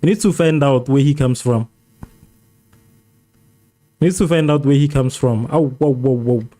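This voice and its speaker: A South African man hosting a live football watchalong, reading viewers' comments and reacting excitedly, often repeating phrases. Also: medium pitch, moderate pace, soft background music. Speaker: livestream host.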